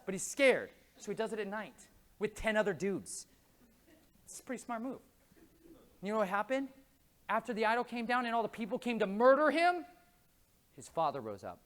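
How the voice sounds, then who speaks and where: A man speaking at a conference, preaching with passion in casual slang. He swings from hushed asides to shouted pleas. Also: high-pitched. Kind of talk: impassioned religious talk. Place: conference stage.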